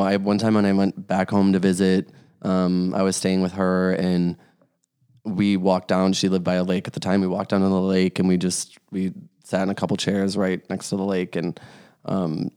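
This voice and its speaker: Young man, low voice, chatty podcast guest; filler-heavy, laughs easily. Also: little pitch movement, moderate pace, a little mellow, clean tone. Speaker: guest telling a personal story. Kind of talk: casual chat.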